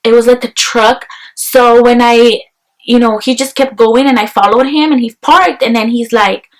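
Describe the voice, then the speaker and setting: High-voiced chatty young woman vlogger. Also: normal speed, poor audio. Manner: chatty, peppered with "like", animated retelling. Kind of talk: casual storytelling vlog.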